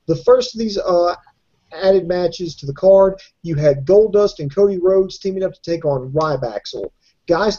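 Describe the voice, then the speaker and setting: Man podcast host, warm mellow tone, keeps things moving; muffled lo-fi recording. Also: a little high. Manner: steady, moderating, asks questions. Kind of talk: hosting a wrestling review podcast. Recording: dull lo-fi podcast audio.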